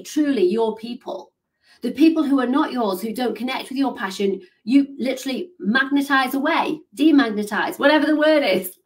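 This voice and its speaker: A woman business coach gives an enthusiastic motivational talk, with a fairly high voice. She talks in an animated way and keeps dropping in "like" as she goes. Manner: animated, enthusiastic, says "like" a lot.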